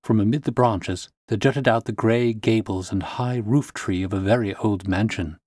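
A man reading a classic detective story aloud in a measured, calm narration. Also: lowish voice, no room sound, clean studio sound.

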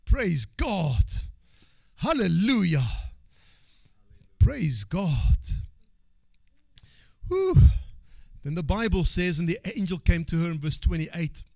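High-voiced preaching man, shouting and hushing. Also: expressive, slow pace, gravelly, no echo. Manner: swings from quiet asides to shouted call-and-response exhortation; repeats phrases and calls for amens. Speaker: pastor. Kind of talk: sermon.

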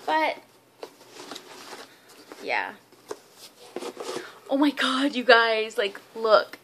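A young woman vlogger unboxing a package in a casual vlog, excitable and gushing with lots of fillers, recorded on a phone at home. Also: on the high side, extremely slow, a little hiss or hum. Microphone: phone camera.

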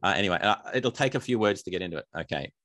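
An Australian man with a very deep voice chats as an interview guest, rambling and poking fun at himself. The sound is close and dry, with no room around it. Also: animated, racing, fairly bright tone, no echo. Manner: self-deprecating, rambling. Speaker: author and musician guest. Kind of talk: casual interview chat.

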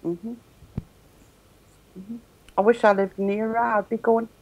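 A woman's voice: on the high side, little pitch movement, slow, lo-fi sound. A woman co-hosting a casual live webcast, chipping in with dry, teasing remarks. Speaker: co-host.

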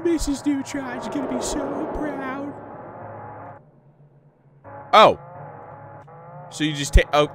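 A man voicing a whiny, nerdy cartoon boy with a high, nasal whine, fretting and calling out frantically. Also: slight background noise, heavily acted. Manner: frantic and fretful, cries out names.

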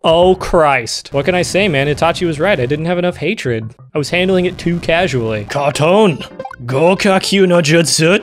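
A young man giving comedic let's-play commentary, joking and breaking into sudden loud outbursts. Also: a little high, fairly quick, few pauses. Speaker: gaming YouTuber. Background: game music.

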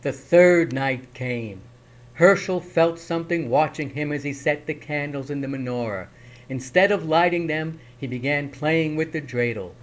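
Male reader, expressive storybook narration, slightly high voice. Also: moderate pace. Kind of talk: reading a picture book aloud.

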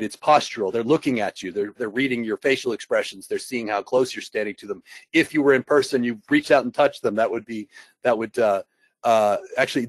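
A man of ordinary pitch talks as a panelist in a business webinar, keeping it conversational and putting rhetorical questions to his listeners. His voice comes through dry and close over a video call. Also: no room sound.

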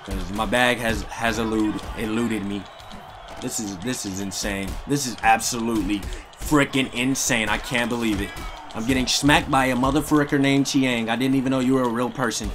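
A young man streams a fighting game with excitable, slang-heavy trash talk. His voice sits at an ordinary middle pitch. Faint music plays underneath his commentary. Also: normal speed. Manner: trash-talking, excitable, slangy, swears often. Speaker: gaming streamer. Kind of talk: live gameplay commentary.

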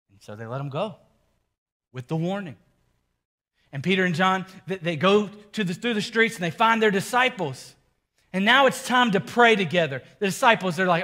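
A man with a high voice preaching a sermon. He tells the story casually and with animation, piling up short repeated phrases for emphasis. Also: lively intonation, fairly quick, bright, forceful tone. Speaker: pastor.

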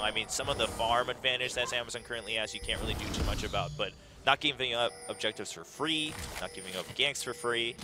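A man casting a video game match, playing by play and getting much louder and higher when fights break out. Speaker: esports caster. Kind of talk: play-by-play commentary.

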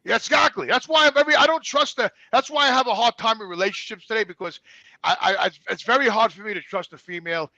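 High, gravelly man telling a raw story. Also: fast talker, bright, forceful tone, no room sound, dull audio. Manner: profane, stammering, repeats words, acts out quotes. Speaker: guest. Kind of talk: candid podcast storytelling.

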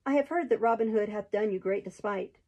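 A woman's voice: medium pitch, brisk, darkish tone, lightly acted. A woman voicing a frail, sly old male pilgrim in a storybook, with a thin, quavering voice and a pious, wheedling manner. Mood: sly humble.

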